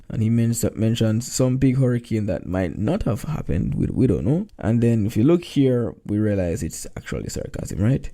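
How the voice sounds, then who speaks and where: Male teacher, gravelly and mellow, chatty walkthrough of past-paper answers. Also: medium pitch, sing-song, moderate pace, hardly any pauses. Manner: conversational, reads quoted lines aloud, asks rhetorical questions. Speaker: exam prep teacher.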